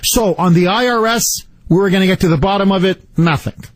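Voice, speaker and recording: Ranting high-pitched radio host man. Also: brisk, no room sound. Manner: combative, sarcastic, ranting. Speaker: radio talk show host. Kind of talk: political talk radio monologue.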